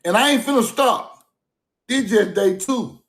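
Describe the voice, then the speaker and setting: Man, livestream monologue, higher-pitched voice, very lively pitch, emphatic, laughs often. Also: a little slow, echoey room. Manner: animated, emphatic, laughs often, repeats himself. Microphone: phone or streaming mic.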